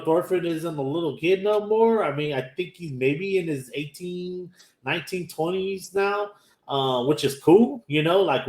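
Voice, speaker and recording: A man's voice: a little high, darkish tone. A man, casually recapping an anime episode in a rambling way and acting out the characters' lines. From Texas, USA. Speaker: anime podcast host. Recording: echoey room.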